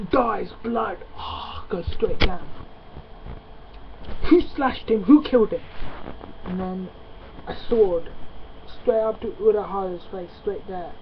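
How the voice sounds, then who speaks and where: A man giving a casual spoken review. He talks excitedly and often stops on "uh" and "um" mid-sentence. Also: sits high. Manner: excitable, halting with many fillers. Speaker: manga reviewer. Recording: lo-fi with steady background noise.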